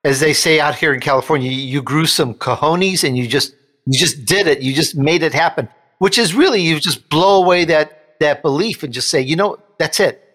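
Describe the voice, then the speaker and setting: A man hosts an interview show in a fairly high, fairly bright voice at a moderate pace, with a big-room sound. He's enthusiastic, breaking into emphatic bursts and laughing between points.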